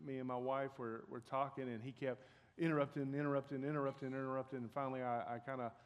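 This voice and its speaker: A man's voice: medium pitch, little pitch movement, fast, clear, resonant tone, lo-fi sound. Earnest man preaching in a reverberant hall. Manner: earnest, conversational preaching with frequent restarts. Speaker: pastor. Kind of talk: sermon.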